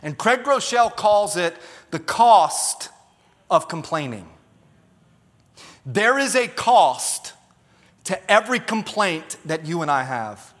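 A man's voice: high-pitched, very animated, slow, long pauses, fairly bright tone. A man preaching a sermon as pastor, emphatic and calling on the congregation to respond. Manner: emphatic, calls for audience response. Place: church auditorium. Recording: long reverb of a large hall.

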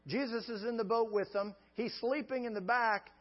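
High-voiced pastor preaching in a reverberant hall. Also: male voice, moderate pace. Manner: emphatic, repetitive preaching cadence. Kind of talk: sermon. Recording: dull lo-fi sound with long reverb.

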